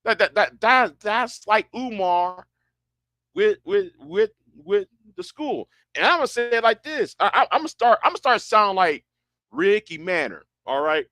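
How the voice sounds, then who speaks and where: A man's voice: high-pitched, lively intonation, normal speed, bright, forceful tone, no echo, clean studio sound. A man chatting casually and rambling, often stumbling and restarting his words, with a broad sound. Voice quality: stammering, many restarts. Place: Houston, Texas.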